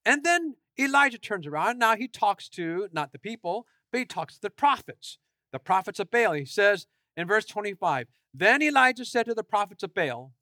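A man preaching a sermon, telling a story with lively asides and jokes and acting out voices as he goes. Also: high voice, no room sound, clean studio sound. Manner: jokey asides.

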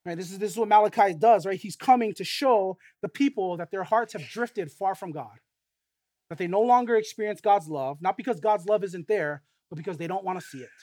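A man's voice: sits high, brisk, darkish tone, dry recording. A man preaching a sermon in a casual, conversational way, often checking in with "right?" and acting out quotes. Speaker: pastor.

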